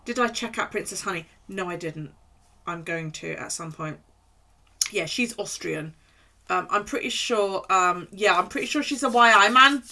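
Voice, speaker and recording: A woman chats away on a home live stream, rambling and swearing casually. Her voice is bright and forward. She talks loosely, like she's among friends. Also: mid-range voice, normal speed.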